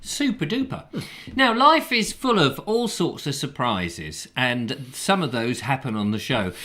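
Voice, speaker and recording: A man's voice: medium pitch, big pitch swings, a little slow, bright, forceful tone. A man co-hosting a comic live chat show, teasing his partner and reading out viewer comments. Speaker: co-host.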